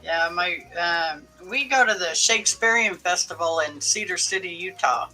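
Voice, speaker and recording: A man's voice: sits high, animated, normal speed, sharp tone, faint music behind, poor audio. A man chatting casually in a group, enthusiastic and full of short agreeing replies.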